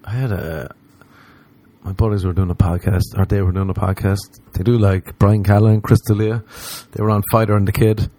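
Rambling Irish man with a lowish voice. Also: moderate pace. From Ireland. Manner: animated, swears freely, jumps between tangents. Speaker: podcast host and comedian. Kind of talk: casual rambling monologue.

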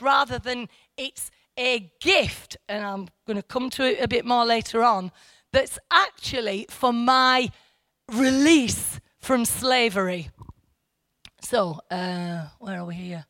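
Woman church teacher, high lively voice, rambly bible talk, dry close sound. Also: dry recording. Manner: rambling, self-correcting, asides to the listeners.

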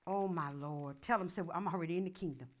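A woman pastor, preaching a sermon that swings from murmured prayer to loud calls. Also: fairly low pitch, fast talker.

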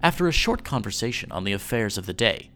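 A man hosting a podcast, reading an old newspaper story aloud in a measured storytelling way. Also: lowish voice, sing-song, a bit bright, faint music behind.

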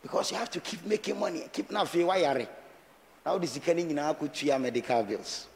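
A man's voice: a little high, a little fast, gravelly, long reverb tail. A man with a Ghanaian accent preaching a sermon as pastor, talking conversationally and mixing Twi with English.

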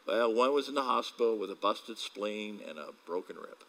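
A man's voice: fairly low pitch, expressive, moderate pace, vocal fry, a bit bright, poor audio. A male pastor preaching a casual sermon, telling stories with acted quotes and laughing along as he talks.

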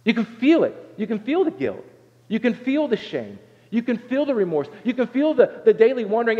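A man's voice: extremely high pitch, big pitch swings, moderate pace, dark tone. Preaching man from Southern Ohio in a reverberant hall. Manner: earnest, conversational preaching with frequent restarts and "right?" asides. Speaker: pastor. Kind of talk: sermon. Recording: dull sound with long hall reverb.

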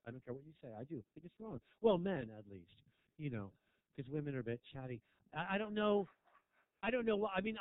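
A male stand-up comedian in a small club, sardonic and profane, breaking into shrill outbursts. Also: clean tone, no room sound. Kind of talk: stand-up set. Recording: tinny, dry lo-fi recording.

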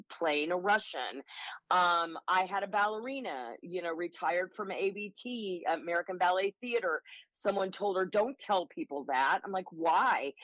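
A woman guest, an acting coach, talking enthusiastically and telling quick anecdotes in an interview. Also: medium pitch, a bit bright, no room sound, highs cut off. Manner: enthusiastic, upbeat, rapid anecdotes. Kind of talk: interview conversation.

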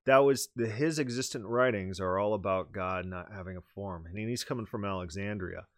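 A man's voice: fairly low pitch, normal speed, dry recording, studio quality. A man hosting a teaching podcast, explaining ideas and reading quoted texts aloud with rising emphasis. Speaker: podcast host. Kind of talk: teaching podcast talk with read-aloud quotations.

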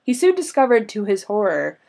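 A woman's voice: mid-range voice, very animated, a little fast, creaky, darkish tone. A woman chatting casually with friends and reading a folklore account aloud dramatically, often breaking into laughter.

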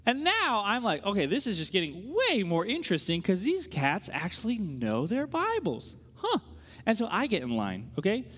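A high-voiced man preaches to a room, his pitch swinging widely as he tells a story with quick asides. His voice carries a long reverb from a large hall. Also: wildly swooping pitch, fairly bright tone, husky. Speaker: pastor. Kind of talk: sermon storytelling.

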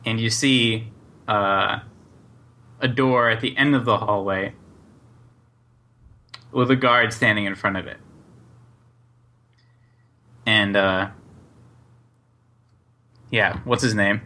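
A man narrating as game master in a tabletop game, halting and full of fillers. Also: lowish voice, steady tone, bright, forceful tone. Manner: unhurried, halting, lots of fillers.

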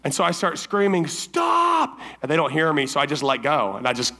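A man speaking to teens at a summer camp service, telling a story in a casual, animated way and acting out his own lines. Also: a little high, fast. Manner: casual, many fillers like "like" and "right?".

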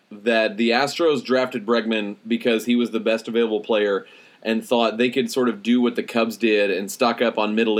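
Man co-hosting a casual sports podcast. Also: on the low side. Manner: teasing, quizzing his co-host. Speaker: podcast co-host.

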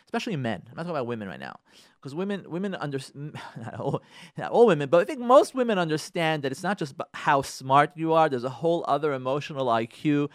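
Animated male radio host. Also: on the high side, dry recording, studio quality. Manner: animated, acts out quarrelling spouses in a raised voice; repeats and restarts words, uses Hebrew religious terms. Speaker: radio show host, marriage counselor. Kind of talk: radio talk monologue on marriage.

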